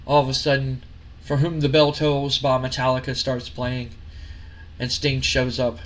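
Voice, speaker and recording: A man's voice: mid-range voice, completely flat delivery, unhurried. A man hosting a gaming video, narrating a recap casually with some restarts.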